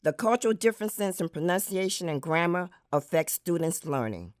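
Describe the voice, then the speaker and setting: A woman who was a school administrator reads aloud from her book in a measured, deliberate way, demonstrating pronunciations. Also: fairly low pitch, expressive, a little mellow, no echo, clean studio sound. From United States. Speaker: author and former school administrator.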